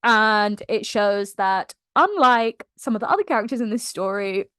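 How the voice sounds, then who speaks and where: A woman's voice: mid-range voice, animated, normal speed, a bit bright, clear, resonant tone, no echo, clean studio sound. A young woman chatting animatedly about a book, slangy and acting out quotes. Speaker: book vlogger. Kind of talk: casual book discussion.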